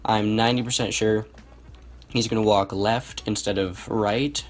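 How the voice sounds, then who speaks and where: A man's voice: lowish voice, steady tone, unhurried. A young man casually commentating a replay of his own match, thinking aloud and correcting himself as he goes. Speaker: gameplay commentator. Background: music.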